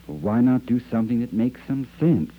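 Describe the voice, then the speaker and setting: A man's voice: mid-range voice, normal speed, slightly rough, voice pushed up, natural voice. A man reading the part of a solemn, serious birdcage maker who asks stern, disapproving questions. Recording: dull lo-fi archive recording.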